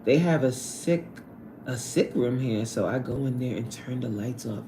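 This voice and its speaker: Animated laughing woman chatting live. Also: moderate pace, echoey room, a little hiss or hum. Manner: animated, laughs often, swoops up high when excited. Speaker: livestream host reading chat. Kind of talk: casual chat. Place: at her workplace on a lunch break.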